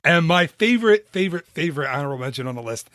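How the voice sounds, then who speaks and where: A man hosting a casual podcast chat into a studio microphone, animated and laughing often. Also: a little high, rapid-fire, noisy background. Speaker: podcast host.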